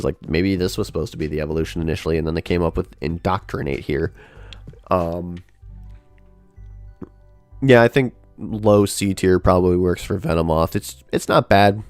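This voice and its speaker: A man talks through his stream in a loose, chatty way, thinking out loud and laughing often. His voice sits on the lower side and the sound is dry and close. Faint music plays behind him. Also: no room sound. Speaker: livestreamer ranking a tier list. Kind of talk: casual livestream commentary.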